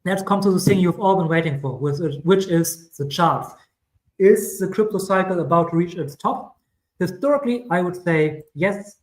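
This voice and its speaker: A man's voice: high voice, moderate pace, darkish tone, echoey room, rough recording. A man with a German accent giving casual crypto chart commentary, rambling and correcting himself with chatty asides. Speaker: crypto streamer.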